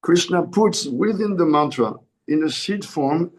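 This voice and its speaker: Swami guy preaching, kinda high voice, earnest, keeps correcting himself. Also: animated, a little slow. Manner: earnest, repeats and corrects himself mid-phrase. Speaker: swami giving a spiritual discourse. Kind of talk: sermon.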